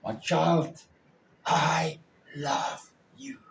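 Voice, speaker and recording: A preacher acting out God as a loving Father who speaks low, soft and tender. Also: drawn-out words, vocal fry, a little hiss or hum, heavily acted. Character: gentle loving heavenly Father. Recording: echoey room, far from the mic.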